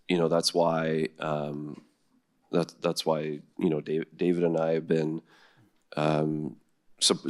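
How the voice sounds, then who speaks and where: A man who is a government science official answering on a panel, halting and full of ums and restarts. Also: very deep voice.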